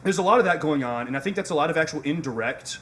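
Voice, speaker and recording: A man's voice: a little high, expressive, fairly bright tone, a little hiss or hum. A young man with a Midwestern accent ranting on a casual podcast, swearing and laughing as he makes his point. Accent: Midwestern American. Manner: fast, swearing, laughing, emphatic. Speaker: podcast host.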